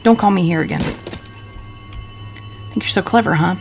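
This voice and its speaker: A woman voicing a crude, drunken, scheming husband from the 1940s, talking gruffly and cursing. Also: fairly low pitch, moderate pace, darkish tone, faint music behind, natural voice. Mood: grumbling. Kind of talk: reading game dialogue aloud.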